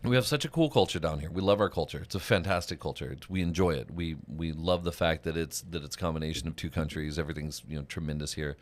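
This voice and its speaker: A man's voice: a bass voice, fast talker, hardly any pauses. A man hosting a morning show, chatting casually and telling rambling stories full of restarts and laughs. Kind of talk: casual chat.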